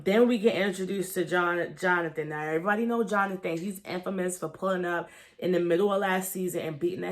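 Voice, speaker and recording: A woman's voice: fairly low pitch, fairly bright tone. A woman giving a candid, gossipy review of a reality show in a casual vlog, talking with lots of fillers and profanity.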